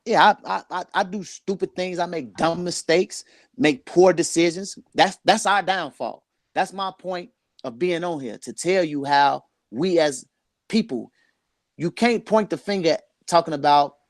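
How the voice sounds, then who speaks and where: A man in his forties with a fairly high-pitched voice speaks openly and earnestly about his life as a guest, becoming emotional and repeating phrases for emphasis. The audio is studio quality and dry.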